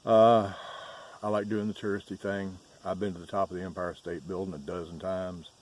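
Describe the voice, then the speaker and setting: A man's voice: sits low, flat delivery, moderate pace, darkish tone, a little hiss or hum. A middle-aged man with a Southern Georgia accent, casually telling stories in a chatty, folksy way on his farm. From Southern United States. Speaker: farm vlogger. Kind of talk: casual storytelling chat. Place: outdoors on a rural farm.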